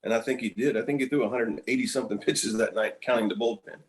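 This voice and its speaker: A man's voice: lowish voice, fast talker, poor audio. Chuckling man telling baseball anecdotes. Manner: chuckling, animated anecdotes with repeated words. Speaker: podcast guest, former pitcher. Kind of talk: casual storytelling.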